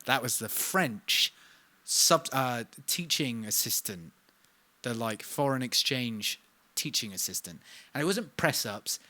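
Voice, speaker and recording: A young singer-songwriter with a mid-range voice chats casually on a live stream during a recording session, poking fun at himself with soft, muttered asides.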